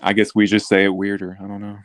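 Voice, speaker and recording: A man hosting a casual livestream chat, talking in animated bursts that swing from loud to soft. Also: lowish voice, fast talker, dry recording, poor audio. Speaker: livestream host.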